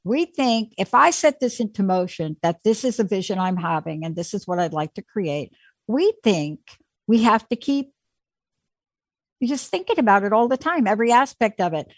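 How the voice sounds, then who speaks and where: A woman's voice: medium pitch, lively intonation, moderate pace, dry recording, clean studio sound. A woman in casual conversation, telling a personal story with emphasis.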